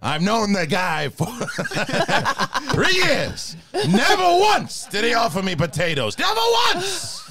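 A man doing a comedic impression of a loud, exasperated older movie star who rants and shouts in sudden bursts. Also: sits high, wildly swooping pitch, takes it slowly, a crowd in the background, exaggerated voice. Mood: ranting.

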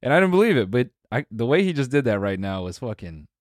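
A young man co-hosting a podcast, teasing deadpan and laughing often in casual banter. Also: mid-range voice, fast talker, no room sound, clean studio sound. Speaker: podcast co-host.

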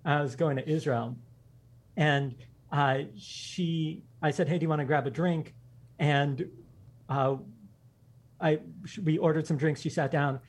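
A man with a slightly husky, somewhat high voice tells stories to his podcast hosts. He speaks with eager energy and laughs often. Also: fairly even intonation. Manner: enthusiastic anecdotes, quick, laughing. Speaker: guest. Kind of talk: storytelling in a casual interview.

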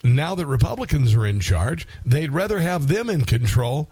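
A man's voice: mid-range voice, big pitch swings, moderate pace, warm tone, breathy edge, no room sound. A man hosting a talk radio show, delivering a combative, sarcastic monologue.

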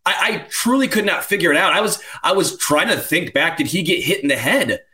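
A man's voice: on the high side, lively intonation, a little fast, sharp tone. Incredulous man thinking aloud. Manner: incredulous, searching aloud for reasons. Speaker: podcast co-host. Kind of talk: casual sports podcast discussion.

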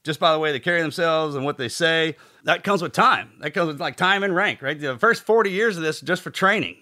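Male host, fast and bright, rambling reflective talker who laughs often. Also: on the high side. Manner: rambling, laughs between thoughts. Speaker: podcast host. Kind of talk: casual reflective chat.

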